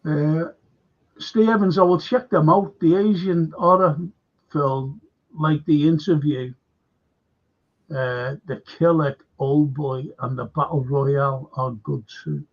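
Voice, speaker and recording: A man hosting a casual film chat stream, excitable and reading out viewer comments. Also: on the high side, slow pace. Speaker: host. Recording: dull lo-fi stream audio.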